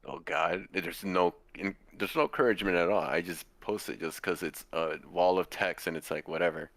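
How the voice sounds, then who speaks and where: A man's voice: low voice, normal speed, gravelly, fairly bright tone, dry recording. A man appearing as a podcast guest, talking in a laid-back, self-deprecating way that trails off. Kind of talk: casual chat.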